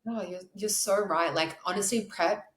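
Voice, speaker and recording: A woman's voice: medium pitch, normal speed, a bit bright, roomy sound, poor audio. A woman, a podcast guest telling her story in a gushing, emotional way. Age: 30s. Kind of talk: casual interview chat.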